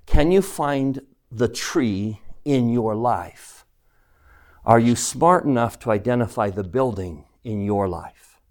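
Man teaching a scripture class, slow measured delivery, asks questions, repeats for emphasis. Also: mid-range voice, animated, a little mellow. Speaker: religion teacher.

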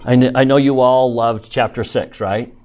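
A man of ordinary pitch teaches a classroom lesson. He speaks with emphasis and energy, calling on students by name and urging them to read aloud. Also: steady tone, moderate pace, a little mellow, slight background noise. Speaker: religion teacher.

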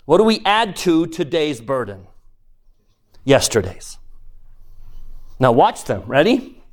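Man teaching a scripture class, higher voice. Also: big pitch swings, slow. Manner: quizzes listeners and reads verses aloud.

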